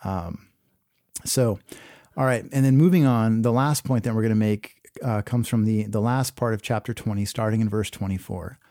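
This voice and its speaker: Male preacher, relaxed talky sermon, mellow tone, dry close sound. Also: on the low side, normal speed, no echo. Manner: casual, conversational preaching with fillers. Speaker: pastor. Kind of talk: sermon with scripture reading.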